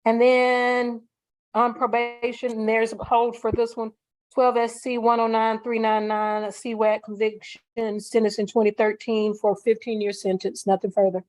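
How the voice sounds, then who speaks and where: A woman with a Southern US accent reads out arrest records to the judge. She is quick and matter-of-fact, and her voice sits fairly high. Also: flat delivery, a little mellow, poor audio. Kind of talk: reading out records.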